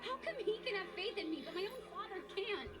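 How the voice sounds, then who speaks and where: A woman playing an earnest young princess of Hell in an animated musical series. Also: very high voice, brisk. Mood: pleading. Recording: distant show clip over loud music.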